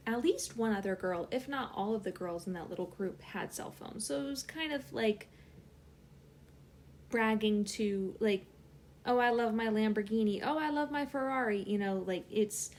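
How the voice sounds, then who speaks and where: A young adult woman, a channel host, telling a personal story casually with many fillers. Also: medium pitch.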